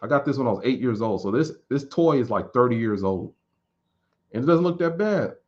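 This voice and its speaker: A man's voice: mid-range voice, fairly quick. Rambling man in his thirties, lo-fi sound. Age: 30s. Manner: relaxed, rambling, repeats words while thinking. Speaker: streamer answering viewer questions. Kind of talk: casual chat. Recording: dull lo-fi recording.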